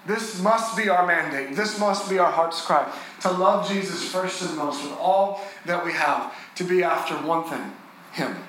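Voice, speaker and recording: A male pastor with a high, bright voice delivers an earnest sermon. His voice swells on key lines and sinks soft and low on tender moments. It rings through a very echoey church hall, with faint noise underneath. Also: measured pace.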